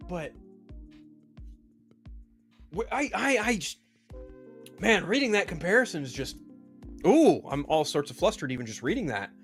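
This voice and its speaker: Profane ranting man, high and lively. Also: unhurried, pauses often, soft background music. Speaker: commentary show host. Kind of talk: ranting commentary.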